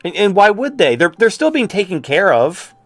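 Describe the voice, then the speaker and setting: A man's voice: high-pitched, very animated, moderate pace, dry recording, faint music behind. A male talk-show host ranting in a profane, sarcastic way.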